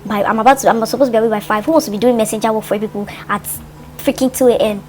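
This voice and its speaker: Racing through a personal tale for her vlog, a young woman acts out what she was thinking and fills her speech with "like." She speaks in a fairly high voice, animated throughout.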